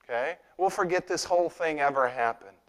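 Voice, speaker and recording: A man's voice: a little high, brisk, lightly acted. A man voicing a scheming male prophet who tries to strike a bargain with God, in a wheedling tone.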